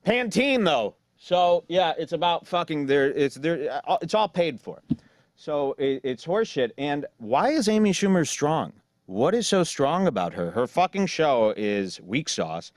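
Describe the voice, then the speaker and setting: A man's voice: fairly high pitch, big pitch swings, unhurried, no echo. A man hosting a casual podcast chat, talking bluntly with profanity and sarcasm. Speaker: podcast host.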